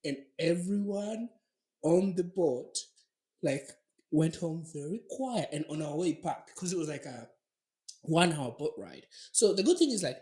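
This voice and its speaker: Male podcast host, chatty storyteller with a lively, swinging pitch, recorded in a roomy space. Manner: animated, lots of filler words and laughing. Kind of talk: casual storytelling. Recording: roomy echo.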